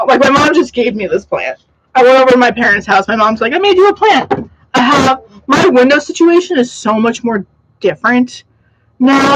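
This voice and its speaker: A woman's voice: on the high side, a little hiss or hum, low-quality recording. A young woman chatting casually on a livestream from her plant-filled home, rambling with lots of "like" fillers and frequent laughs. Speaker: host. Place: home room full of plants.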